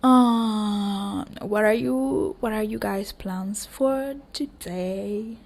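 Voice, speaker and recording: A young woman hosting a casual solo podcast, her voice hoarse and cracking, rambling with frequent ums and offering warm affirmations to listeners. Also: mid-range voice, drawn-out words. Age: young adult. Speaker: podcast host.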